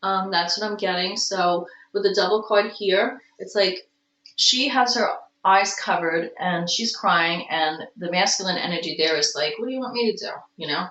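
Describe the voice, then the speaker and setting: A woman's voice: fairly low pitch, a little slow, bright, forceful tone, slight background noise. A woman giving a casual tarot reading at home, with stretches where she coos baby talk to her cat. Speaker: tarot reader. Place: home room. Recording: roomy, distant, dull home recording.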